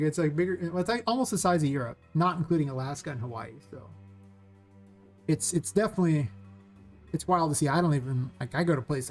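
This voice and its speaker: Fast-talking Californian man, casual. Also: a little high, a little mellow. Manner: fast, rambling talker. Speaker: game developer streamer. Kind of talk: casual streaming chat.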